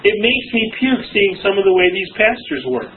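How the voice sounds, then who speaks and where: A male associate pastor teaching a Bible class, animated and joking, putting questions to the class. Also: high voice, brisk. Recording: tinny phone-like sound with faint hiss.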